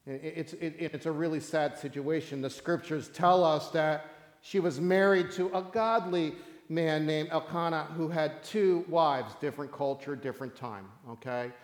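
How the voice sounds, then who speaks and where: A man's voice: a little high, moderate pace. A man preaching a sermon as pastor, reading scripture and talking casually with frequent "okay?" check-ins. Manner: casual, joking asides with many okays. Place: church sanctuary. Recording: echoey hall.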